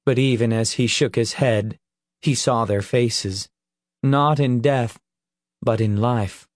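Slow, measured male audiobook narrator. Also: medium pitch, steady tone, no room sound, studio quality. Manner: measured, deliberate storytelling. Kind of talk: scripted narration.

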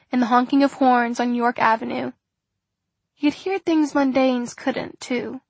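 A female audiobook narrator with a slightly high voice and very little rise and fall in her pitch. Her delivery is level and controlled, and the recording is dry and close-miked. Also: no echo. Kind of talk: scripted narration.

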